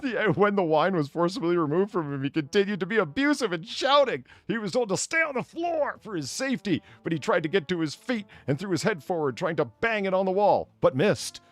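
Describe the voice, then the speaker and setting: A man's voice: high voice, animated, brisk, few pauses, no room sound. A man hosting a casual podcast, reading odd news stories aloud, laughing often and tripping over words. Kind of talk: casual chat.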